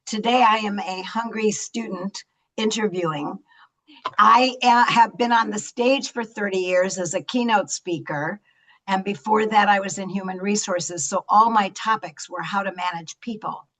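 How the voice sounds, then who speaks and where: An older woman moderates a virtual chat over a video call, her voice effusive and animated. She speaks at an ordinary pitch for a woman. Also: normal speed, rough recording. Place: Los Angeles.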